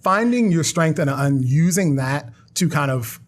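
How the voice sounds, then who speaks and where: A man speaking as a guest on a casual podcast interview, energetic and self-deprecating, talking in quick bursts at a studio mic. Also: on the high side. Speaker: podcast guest, marketing advisor. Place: studio around a table.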